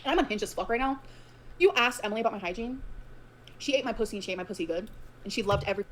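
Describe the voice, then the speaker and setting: A woman's voice: medium pitch, expressive, very fast, slight background noise. A woman ranting to her viewers, profane and emotional, swinging between grievance and sarcasm. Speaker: streamer ranting on her own stream. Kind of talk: rapid unfiltered rant.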